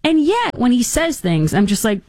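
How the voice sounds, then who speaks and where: A woman talk show host riffs through political commentary, mocking and animated. Her voice swoops up and down as she gets worked up. The sound is dry and close, with no room around it. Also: on the high side, moderate pace, dry recording.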